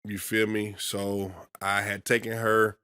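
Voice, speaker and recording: A young adult man, co-hosting a casual podcast about fatherhood and telling stories in a relaxed, slangy way. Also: fairly low pitch, slow, clean tone, no room sound, clean studio sound. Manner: relaxed slangy storytelling, repeats "you feel me".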